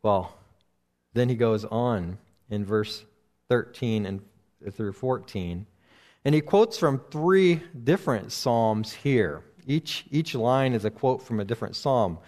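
A man giving an expository Bible lesson in an unhurried, measured way. He pauses often and restarts his phrases as he works through each verse. His voice sits at an ordinary middle pitch. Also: animated, darkish tone. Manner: slow and deliberate, with frequent fillers and restarts. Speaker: preacher.

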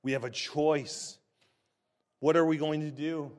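A man preaching a sermon in an emphatic, deliberate way, stressing key words. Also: fairly high pitch, steady tone, darkish tone.

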